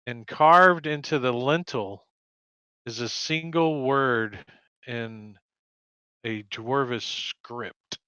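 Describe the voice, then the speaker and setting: Slow, bright-voiced male game master. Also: medium pitch, clear, resonant tone, no room sound, lo-fi sound. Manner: unhurried, descriptive, with hesitant fillers. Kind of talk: narrating a tabletop game.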